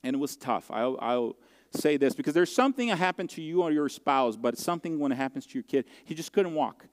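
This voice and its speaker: A man preaching a sermon as pastor, telling a personal story in an earnest, heartfelt way with halting restarts. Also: on the high side, expressive, in a large hall.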